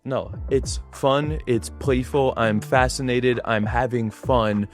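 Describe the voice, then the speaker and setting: Male coach, mid-pitch, upbeat instructive voice-over, re-enacts his quotes, faint music bed. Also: takes it slowly. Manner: energetic, instructive, acts out his own lines. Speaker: dating coach. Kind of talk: video breakdown voice-over.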